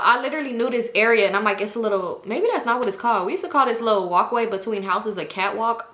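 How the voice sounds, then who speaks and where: A young woman telling a story in a casual, animated, profane way, often laughing as she talks. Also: medium pitch. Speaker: storytime vlogger. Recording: roomy echo.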